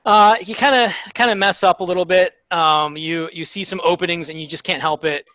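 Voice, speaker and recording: Guy running a tabletop game, lots of ums, bright tense voice, dry dull mic. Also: high-pitched, fairly even intonation, no room sound. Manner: halting, many fillers. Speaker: game master.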